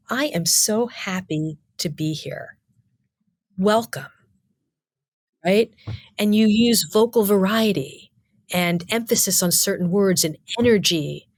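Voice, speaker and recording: A middle-aged woman, a communication lecturer, giving clear, emphatic interview answers full of lists and rhetorical questions. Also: lowish voice, dry recording, studio quality.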